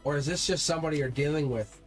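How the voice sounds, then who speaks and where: A man's voice: a little high, fast, faint music behind. A man giving a live-stream tarot reading, speaking straight to viewers in a rambling, repetitive way and swearing when he gets heated. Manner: rambling, repeats words and restarts. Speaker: tarot reader.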